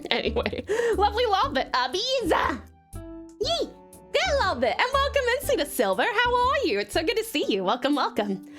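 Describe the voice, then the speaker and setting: A woman's voice: very high voice, wildly swooping pitch, normal speed, a bit bright, soft background music. A woman streamer chatting casually with her chat, bubbly and giggly.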